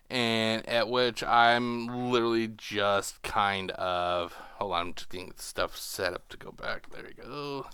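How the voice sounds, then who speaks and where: A man's voice: lowish voice, sharp tone, clear, resonant tone, dry recording, clean studio sound. A man hosting a reaction video, ranting with profanity and sarcasm. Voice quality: mocking, sarcastic.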